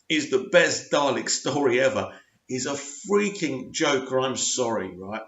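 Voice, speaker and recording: A man's voice: a little high, sing-song, measured pace, a bit bright. A man giving an unscripted, frustrated rant as a TV review vlogger, full of emphatic rhetorical questions. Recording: roomy, dull lo-fi sound.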